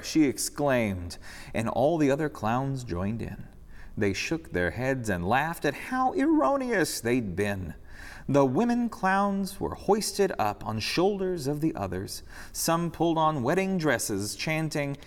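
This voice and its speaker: A man reading a rhyming story aloud during a church service, expressive and sing-song, in a reverberant sanctuary. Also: mid-range voice, measured pace.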